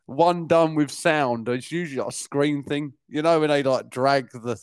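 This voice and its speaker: A man's voice: a little high, normal speed, clean tone, dry recording, clean studio sound. A young man from Kent with a southern English accent, co-hosting a podcast in casual banter, swearing and laughing a lot. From Kent, England. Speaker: podcast co-host.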